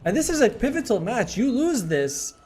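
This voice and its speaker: A man giving analytical color commentary on a live esports match. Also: moderate pace. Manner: analytical color commentary with lively swings in pitch. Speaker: esports caster.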